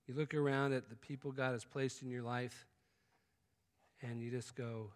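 A man preaching a sermon, swinging from loud exclamations to hushed, intimate tones. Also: mid-range voice, steady tone, normal speed, long pauses. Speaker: pastor. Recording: long hall reverb.

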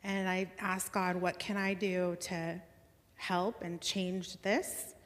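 A woman telling a personal faith story in an earnest, excited way, with lots of "like" fillers and bursts of laughter. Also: fairly low pitch, takes it slowly. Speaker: speaker sharing a faith testimony. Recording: long hall reverb.

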